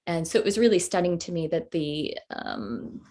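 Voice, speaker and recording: A woman in her forties, telling a personal story with halting, heartfelt pauses and fillers as a workshop presenter on a video call. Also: lowish voice, very animated, dark tone. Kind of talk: storytelling talk to an online group.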